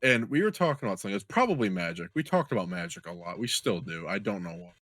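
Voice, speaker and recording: A young man co-hosting a podcast, telling a long crude anecdote in an animated, joking way. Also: deep voice, quick pace, no echo. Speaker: podcast co-host. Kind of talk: casual storytelling chat.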